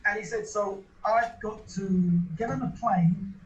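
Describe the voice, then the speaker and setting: A male interviewee with a high-sitting, steady voice talks a little slowly as he rambles through a long, casual story, restarting and repeating words often. The room echoes, the sound is dull and somewhat lo-fi, and there's slight background noise.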